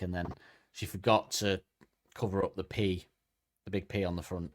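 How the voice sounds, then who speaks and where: A man's voice: on the low side, brisk, no room sound. Guy riffing on a chat podcast, jokey, does little voices for quotes. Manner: animated, jokey, acts out quotes. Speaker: podcast co-host. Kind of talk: casual comedic chat.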